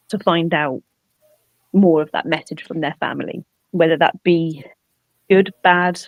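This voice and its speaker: A woman's voice: on the low side, darkish tone, dry recording. An English woman speaking as a medium and guest in a casual chat, patiently explaining her ideas in an earnest way. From England. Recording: dull lo-fi line, dry.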